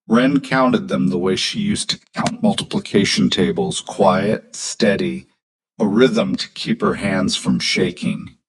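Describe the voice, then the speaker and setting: A man narrating a scripted story in a measured, steady way. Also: sits low, rough recording.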